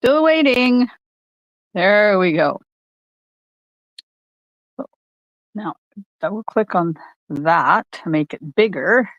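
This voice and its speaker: A woman's voice: mid-range voice, no room sound, highs cut off. Chatty older woman hosting craft demo. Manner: chatty, greets viewers by name. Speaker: craft demonstrator. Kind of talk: live-streamed crafting demo. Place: home craft room.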